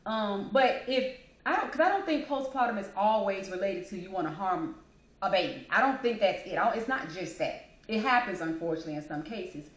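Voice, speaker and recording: A woman's voice: mid-range voice, expressive, brisk. Chatty woman in an echoey room. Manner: emotional, chatty, smiles and laughs while talking. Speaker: host. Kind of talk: casual personal talk.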